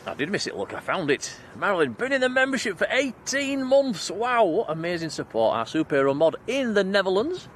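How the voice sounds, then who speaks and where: A man's voice: high-pitched, sing-song, a little fast, hardly any pauses, a bit bright, slight background noise. A man hosting a live stream outdoors, chatting and thanking viewers by name. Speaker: livestream host. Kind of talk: live stream chat, reading comments. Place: outdoors at night near an airport.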